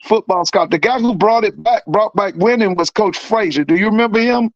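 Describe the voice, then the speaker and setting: A man co-hosting a sports talk show, asking relaxed questions about the team's schedule. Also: high-pitched, fairly quick, highs cut off, crowd noise.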